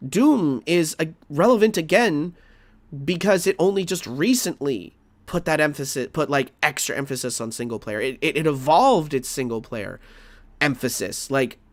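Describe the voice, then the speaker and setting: A man's voice: fairly high pitch, expressive, moderate pace, no echo. A man streaming live, reacting to a video and arguing back at it with rambling restarts and exasperated outbursts.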